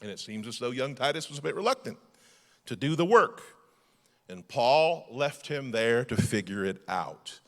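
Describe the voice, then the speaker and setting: A male lead pastor preaching a sermon emphatically, moving between loud declarations and hushed passages. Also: medium pitch, very animated, moderate pace, in a large hall. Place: church sanctuary.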